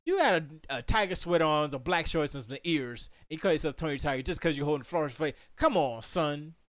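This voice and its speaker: Animated joking man on a livestream. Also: fairly high pitch, brisk, no room sound, clean studio sound. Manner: animated and joking, jumps into silly quoted voices. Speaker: livestream host. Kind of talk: casual livestream commentary. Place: home studio.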